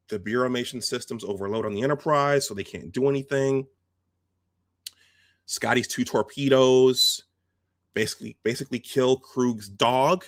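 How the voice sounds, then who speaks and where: A man hosting a video, telling a film's story in a casual, halting, animated way and acting out the scenes. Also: mid-range voice, no room sound. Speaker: host. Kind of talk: casual film retelling.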